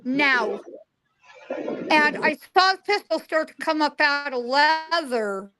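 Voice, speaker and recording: High-voiced unhurried woman storyteller. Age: 40s. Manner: animated storyteller acting out dialogue. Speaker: guest psychic. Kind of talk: casual storytelling interview.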